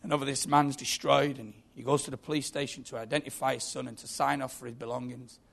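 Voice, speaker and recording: A man's voice: medium pitch, flat delivery, fast, gravelly, fairly bright tone. A man preaching a sermon, earnest and emphatic, telling a story.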